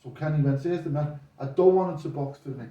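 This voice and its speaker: An older boxing coach, appearing as a guest, talks fast in a fairly high voice, rambling through animated stories and acting out the voices of the people in them. This casual storytelling chat is recorded in an echoey room with him off-mic and far away, the highs cut off.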